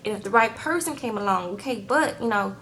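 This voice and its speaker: Woman doing a sassy girlfriend, rambling and defensive, kept soft and low-key. brief. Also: expressive, a little fast, a little hiss or hum, natural voice.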